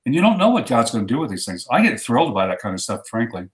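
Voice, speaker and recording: A man's voice: mid-range voice, very animated, fast talker, roomy sound. A man in a casual chat who tells his stories with conviction and acts out the quotes. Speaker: ministry guest.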